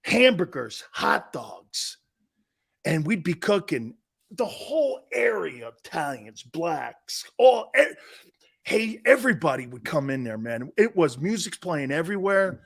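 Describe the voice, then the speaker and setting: Loud, excitable middle-aged male sports host. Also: a little high, a little slow, vocal fry, husky. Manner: loud, laughing, excitable, acts out quotes from friends and family. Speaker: sports talk show host. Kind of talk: animated storytelling on a sports show.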